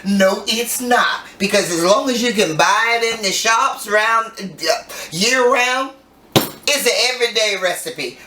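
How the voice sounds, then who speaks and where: A woman's voice: mid-range voice, animated, measured pace, sharp tone, slight background noise. An older woman hosting a home cooking show, chatty and playful, telling folksy stories as she bakes. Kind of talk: casual cooking demonstration. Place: home kitchen. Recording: roomy kitchen, mic at a distance.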